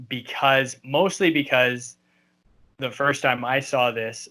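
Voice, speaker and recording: Bright-voiced man co-hosting a podcast. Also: medium pitch, poor audio. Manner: laughs easily, halting with fillers. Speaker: podcast co-host. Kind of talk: casual movie review chat.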